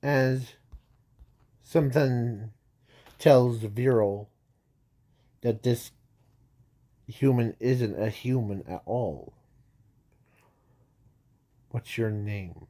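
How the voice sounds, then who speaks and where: A man's voice: mid-range voice, warm tone. A man improvising a fan-fiction story aloud, stopping and restarting often and correcting himself as he goes. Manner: halting, many restarts and trailing words; says "sorry" to correct himself. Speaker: amateur storyteller.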